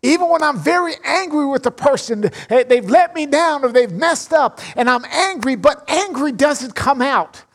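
A middle-aged male pastor with a strikingly high-pitched voice delivers a sermon. He speaks in an earnest, personal way, weaving scripture readings into his own reflections. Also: lively intonation, normal speed, hardly any pauses.

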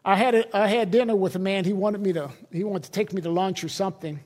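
A man's voice: sits high, fairly even intonation, fast talker, a little mellow. A middle-aged man, a pastor, preaching a sermon in a conversational, emphatic way with personal stories.

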